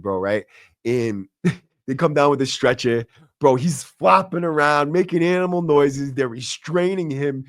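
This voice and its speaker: A man's voice: medium pitch, no echo, clean studio sound. A man hosting a podcast, telling stories in a casual, profane, slangy way, and acting out the voices of the people in them. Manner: profane, slangy, excitable, acts out quotes. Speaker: podcast host. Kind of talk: casual storytelling.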